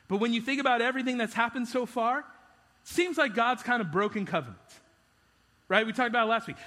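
A man, a pastor, preaching a conversational, animated sermon full of rhetorical questions to his congregation. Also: high-pitched. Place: church sanctuary. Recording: long hall reverb in a church.

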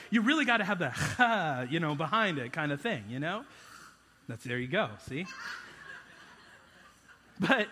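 Bright, high-voiced man preaching in a reverberant hall. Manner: conversational, animated preaching with rhetorical questions. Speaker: pastor. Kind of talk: sermon. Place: church sanctuary. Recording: long hall reverb in a church.

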